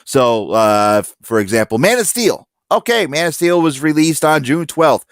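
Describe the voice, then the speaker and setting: A man telling stories in a casual podcast chat, acting out quotes loudly. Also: on the high side, moderate pace, no echo, studio quality. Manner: animated storyteller, acts out quotes loudly. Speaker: podcast guest.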